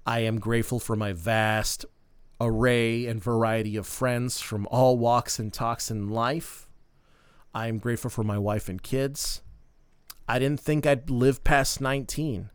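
A man's voice: mid-range voice, steady tone, measured pace, clear, resonant tone, no room sound. A man in his thirties from Minnesota, hosting a podcast and telling his life story in an earnest, heartfelt way with many fillers. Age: 30s. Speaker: podcast host. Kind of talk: personal storytelling monologue.

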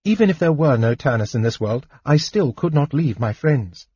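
Resolute young woman fighter, read by a man, slightly raised, husky audiobook tone. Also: mid-range voice, animated, moderate pace, a little mellow, no room sound, lo-fi sound, voice pushed up. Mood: earnest. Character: earnest young elf woman warrior, determined.

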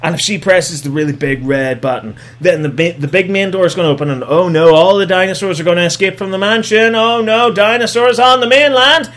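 A man recapping a movie comedically, animated and sarcastic, swearing heavily. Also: high-pitched, fairly quick, hardly any pauses.

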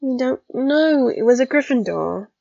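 A wry young schoolgirl, as a woman reads her, talking shakily and downplaying her pain in a voice pitched a little above the reader's own. The sound is dry and slightly muffled, like a home audiobook. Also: animated, unhurried, vocal fry, darkish tone, dry recording, exaggerated voice. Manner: shaky, understated. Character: wry, tired young schoolgirl hiding hurt.

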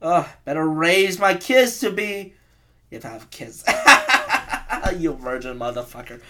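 Brief: twenties guy hosting a podcast, slightly high voice, profane and rambling rant. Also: lively intonation, measured pace, a bit bright. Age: 20s. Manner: rambling, profane, self-mocking. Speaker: podcast host.

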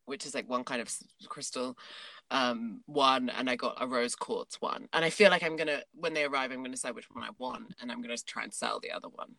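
A woman's voice: extremely low pitch, fairly quick, vocal fry, pushed and bright, no room sound. A woman in her thirties chatting casually and candidly, rambling and laughing often. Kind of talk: casual chat.

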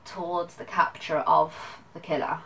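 A woman with a London accent mixed with Welsh, telling a true crime case in a casual, animated podcast chat. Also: deep voice, moderate pace, creaky, far from the mic. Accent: London Cockney with Welsh. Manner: chatty, animated storyteller, laughs often. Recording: voice somewhat off-mic.

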